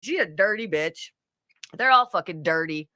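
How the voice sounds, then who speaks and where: A woman's voice: on the low side, animated, normal speed, bright, forceful tone, no room sound. Brash, profane woman livestreamer. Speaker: livestream host. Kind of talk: casual livestream chat reading comments.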